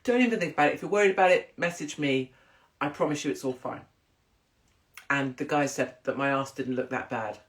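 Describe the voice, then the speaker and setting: A woman's voice: extremely low pitch, fairly quick. A woman in a casual monologue, telling blunt, profane, rambling stories. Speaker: commentator.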